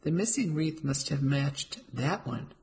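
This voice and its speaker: Narrator doing an older aunt, calm, dry, quiet, audiobook dialogue. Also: medium pitch, measured pace. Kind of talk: audiobook character voice.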